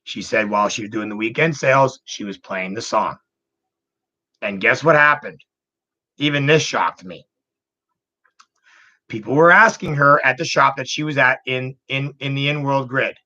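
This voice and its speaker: Bright-voiced man telling a story. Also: medium pitch, moderate pace, pauses often. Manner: emotional, rambling, repeats himself. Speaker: channel host. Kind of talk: casual storytelling vlog. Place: home computer room. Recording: dull lo-fi home recording.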